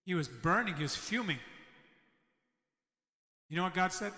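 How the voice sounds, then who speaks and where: A man's voice: high voice, expressive, normal speed, long pauses, pushed and bright. A man preaching a sermon as pastor, voicing the words of God and Jonah as he tells the story. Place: church. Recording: echoey church hall.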